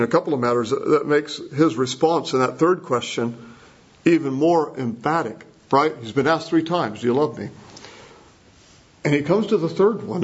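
Husky-voiced guy preaching, pitch sits a bit high, kinda muffled lo-fi recording. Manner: expository, emphatic, conversational asides to the congregation. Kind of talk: sermon. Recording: husky voice, dull lo-fi sound.

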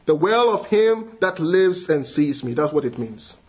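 High-voiced preacher with earnest appeals. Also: male voice, sing-song, a little slow. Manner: earnest, swings between hushed and rising emphatic appeals. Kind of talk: sermon. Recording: dull lo-fi sound.

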